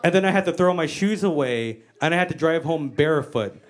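A woman's voice: sits low, expressive, a little fast, some chatter behind. An American woman doing a stand-up comedy set on stage, brash, profane and self-mocking. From United States. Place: comedy stage before a live audience.

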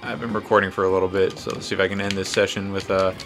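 A man's voice: low-pitched, little pitch movement, very fast, music in the background. A man hosting a podcast, talking casually while he plays a fighting game, rambling and swearing with self-deprecating humor. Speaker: podcast host and tattoo artist.

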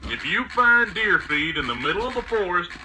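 A man's voice: high-pitched, sing-song, moderate pace, bright, forceful tone, slight background noise, full character voice, low-quality recording. A man voicing a deer who solemnly warns his fellow deer. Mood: warning. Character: deer addressing fellow deer, wary.

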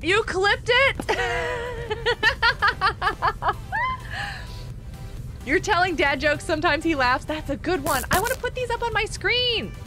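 A woman streams a game live, her voice high and swooping up and down as she chatters. She reacts excitably to the game and to viewers in the chat. Faint music plays underneath her. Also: slow pace, long pauses. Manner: excitable, chatty, reads viewer chat aloud and thanks people. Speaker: live-stream gaming host. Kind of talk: casual live-stream chat while gaming.

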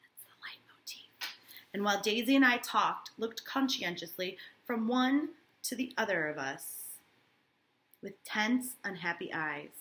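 A woman's voice: mid-range voice, expressive, a little slow, a bit bright. A woman teacher reading a novel aloud to her class and breaking off for casual asides, often checking in with "right?".

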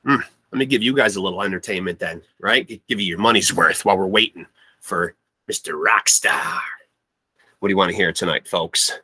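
A man's voice: deep voice, fairly quick, sharp tone, husky, dry recording. A man hosting a podcast as a boastful glam-rock showman, swaggering through his comic patter. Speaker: podcast host. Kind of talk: comic interview in a glam-rocker persona.

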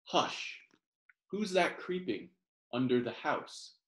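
A man reading a children's picture book aloud in a gentle sing-song, pausing to explain words over a video call. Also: mid-range voice, expressive. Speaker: professor reading picture books to families. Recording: roomy echo.

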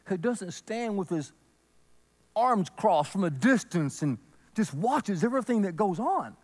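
A man preaching a sermon, earnest, swinging from loud emphasis to a near whisper. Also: high-pitched, big pitch swings, a little slow. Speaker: pastor.

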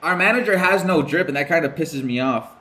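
A young man giving casual, excitable gameplay commentary while playing a football video game, swearing, joking and shouting at the screen. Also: a little high, a little fast. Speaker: gaming streamer.

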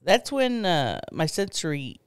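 A woman's voice: fairly low pitch, sing-song, measured pace, clean tone, no echo, clean studio sound. A woman co-hosting a casual comedy podcast, chiming in with playful, jokey asides. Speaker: podcast co-host.

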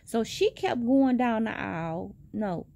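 Animated, profane young woman telling a story. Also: a little slow, gravelly. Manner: animated, profane storytelling with big pitch jumps. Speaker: vlogger. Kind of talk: casual storytime vlog.

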